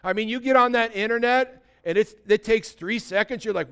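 A man's voice: high voice, brisk, hardly any pauses, sharp tone, smooth. A male pastor preaching a sermon in a conversational way, asking the congregation many rhetorical questions.

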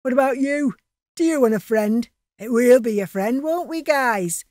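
A woman's voice: fairly high pitch, moderate pace, darkish tone, no echo, clean studio sound, voice pushed up, close to an everyday voice. A woman doing a sneering young thug. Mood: taunting. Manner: taunting, jeering.

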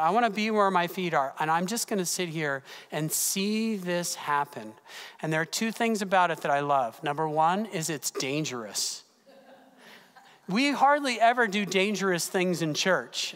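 Male pastor, high voice, animated storytelling sermon, long church reverb. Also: clean tone. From California. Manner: animated, personal storytelling with gasps and fillers. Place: church sanctuary.

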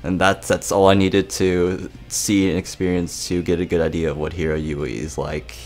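A man's voice: low voice, level tone, normal speed, darkish tone. A young man giving a casual anime episode review, rambling, laughing and swearing as he retells scenes.

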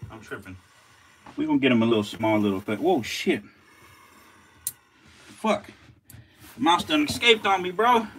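A man's voice: a little high, fairly bright tone, slight background noise. A man casually talking to the camera while feeding snakes, cursing, joking and laughing at himself. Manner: profane, joking, laughs at his own jokes; talks to the snakes and mice as he works. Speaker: snake keeper vlogger. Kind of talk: casual vlog talk to camera. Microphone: handheld camera, set down at times.

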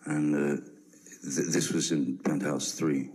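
A man in his fifties giving courtroom testimony, halting with many pauses and restarts. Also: very deep voice, little pitch movement, a little mellow, low-quality recording.

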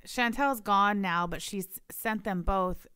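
A woman podcast host recaps a clip bluntly and with plenty of swearing. Her voice is smooth and clear at a middle pitch. The sound is close and dry. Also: takes it slowly, a bit bright, no echo. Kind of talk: casual commentary.

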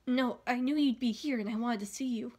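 A woman's voice: a little high, brisk, darkish tone, natural voice. A woman reading aloud, voicing an earnest, awkward young nobleman who speaks hesitantly and apologetically.

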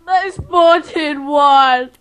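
Giggly high-voiced young woman gaming. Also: slow pace, noisy background. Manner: giggly, teasing, playful. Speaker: co-player. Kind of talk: casual gaming chat.

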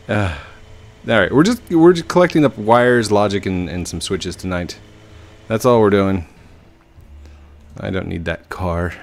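Low-voiced man rambling over gameplay. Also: creaky. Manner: rambling, many fillers and restarts. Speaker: gaming video host. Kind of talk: casual gameplay commentary.

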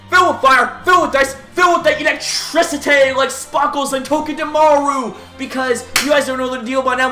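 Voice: sits high, pushed and bright, reverberant. A YouTube vlogger in an over-the-top hype persona, swearing freely and stammering over repeated words. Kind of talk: hyped commentary vlog in a persona.

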